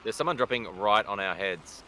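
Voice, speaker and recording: A man's voice: lowish voice, animated, fairly quick, pushed and bright, slight background noise. An Australian man, a voice actor, chatting in a laid-back, joking way while gaming. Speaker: voice actor, guest. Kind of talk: casual gaming chat.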